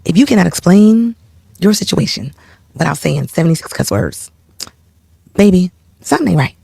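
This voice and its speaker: A woman's voice: on the low side, lively intonation, normal speed, creaky, warm tone, slightly rough, dry recording, clean studio sound. A woman hosting a reaction video, cutting in with sarcastic, scolding asides. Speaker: reaction channel host. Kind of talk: reaction commentary.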